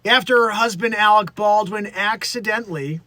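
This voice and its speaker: A man's voice: high voice, normal speed, pushed and bright, no room sound. A man hosting a comedic news show, reading stories and riffing in a rambling, self-interrupting, mocking way.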